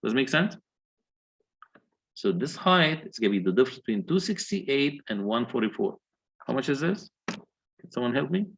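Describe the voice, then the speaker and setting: A man's voice: medium pitch, sing-song, normal speed, vocal fry, pauses often, a bit bright, husky, muffled recording. A man lecturing on engineering, working through calculations step by step and putting questions to his students. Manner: methodical, asks the class questions.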